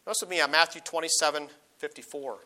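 A middle-aged man preaching a sermon as a pastor, earnest, slowing down and rising when he reads scripture aloud. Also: on the high side, pushed and bright. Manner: earnest, slows and rises on quoted verses.

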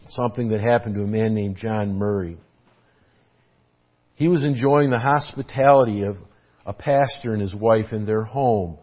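Speaking as pastor in a church hall, a man delivers an earnest, emphatic sermon at medium pitch, repeating key phrases to give them weight. The sound is lo-fi.

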